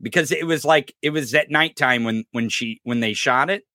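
A man hosting a podcast in casual chat, animated and quick to interrupt, swearing freely. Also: medium pitch, dry recording, studio quality. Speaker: podcast host.

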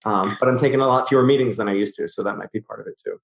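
A man therapist in casual conversation, explaining ideas at length through relaxed storytelling. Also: fairly low pitch, racing, vocal fry. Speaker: therapist, host. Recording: roomy echo.

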